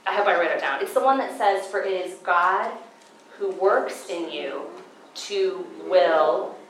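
A woman speaking at a Christian seminar in an echoey room, with a little noise in the background. She tells personal stories in an animated way and acts out what she once thought. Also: on the low side, measured pace. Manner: animated storytelling, acting out her own past thoughts. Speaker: conference speaker.

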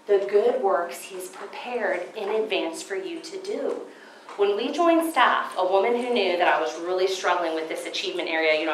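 A woman speaking at a Christian seminar in an echoey room, with a little noise in the background. She tells personal stories in an animated way and acts out what she once thought. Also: fairly low pitch. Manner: animated storytelling, acting out her own past thoughts. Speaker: conference speaker.

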